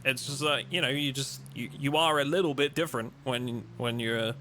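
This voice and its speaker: A young English man with a light Lincolnshire accent chats loosely with his viewers, full of fillers and jokes. His voice is bright and forward, with a faint hum behind it. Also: mid-range voice, moderate pace. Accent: Lincolnshire English, mild. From England. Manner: chatty, joking with chat, many fillers. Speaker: streamer. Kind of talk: casual live-stream chat.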